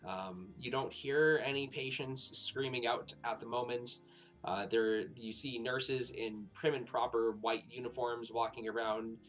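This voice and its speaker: A man's voice: mid-range voice, steady tone, measured pace, a bit bright. Guy gm-ing a horror tabletop game, lots of ums, mid voice, faint music in back. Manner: rambling with frequent fillers and laughs. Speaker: game master.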